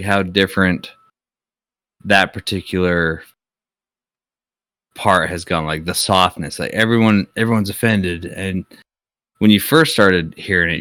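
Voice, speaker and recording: Deep-voiced man ranting bluntly. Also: a bit bright, no echo. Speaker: podcast co-host. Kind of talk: casual chat.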